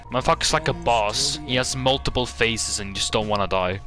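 A man riffs through his own gameplay with excitable, jokey commentary, swearing freely and bursting out at what happens on screen. His voice is bright and forceful, sitting at an ordinary middle pitch. Faint game music plays underneath. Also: normal speed, hardly any pauses. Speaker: gaming channel host.

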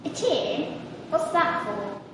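Lady doing a high slow-talking angel, gentle and questioning, echoey church far off. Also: sing-song, slight background noise, exaggerated voice. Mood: wondering. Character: gentle doubting female angel. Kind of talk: dramatised church reading.

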